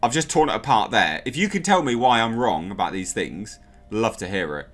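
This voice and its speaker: A man's voice: fairly low pitch, animated, a little fast, fairly bright tone, soft background music. Sarcastic man ranting animatedly. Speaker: TV reviewer. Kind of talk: casual review vlog rant.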